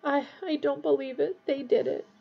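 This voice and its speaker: A woman's voice: sits high, fairly even intonation, moderate pace, gravelly, dull audio, a little hiss or hum, pitched above the performer's own voice. A woman reading aloud voices an anxious teenage girl who pleads in breathless whispers. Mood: shocked.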